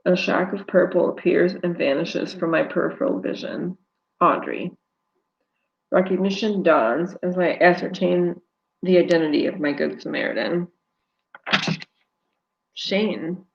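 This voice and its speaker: Brief: author reading her book live, steady first-person narration, raspy fry. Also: lowish voice, normal speed, highs cut off.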